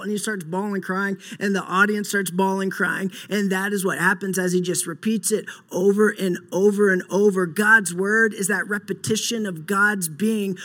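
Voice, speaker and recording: Earnest preacher man, slightly high voice. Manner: earnest, swings from soft and slow to loud emphatic bursts. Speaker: pastor. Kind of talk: sermon.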